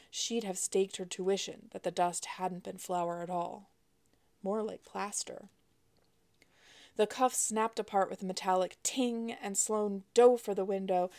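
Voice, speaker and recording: A woman, the author, narrating her space adventure novel aloud in a wry, expressive way. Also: medium pitch. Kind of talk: audiobook narration.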